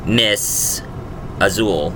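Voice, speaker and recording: A man's voice: on the low side, extremely slow, noisy background. A man who makes audio dramas, talking in a casual, rambling way with frequent fillers and restarts. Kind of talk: casual vlog talk.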